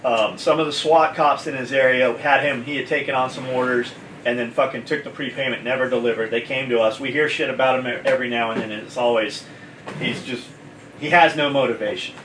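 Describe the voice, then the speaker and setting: A man's voice: mid-range voice, fairly even intonation, fairly quick, a bit bright, a little hiss or hum. A man who owns a gear company, telling a story in casual chat, blunt and full of swearing. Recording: echoey room, mic at a distance, faint kitchen clatter.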